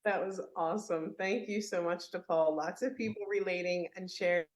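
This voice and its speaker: A woman's voice: lowish voice, steady tone, moderate pace. A woman hosting a live online call over video, upbeat and full of praise for her guests. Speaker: host.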